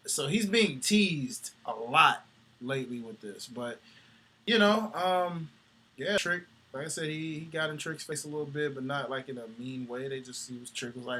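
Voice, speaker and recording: A man co-hosting a casual wrestling talk show, animated and slangy, laughing often. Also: medium pitch, moderate pace, slight background noise. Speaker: podcast co-host.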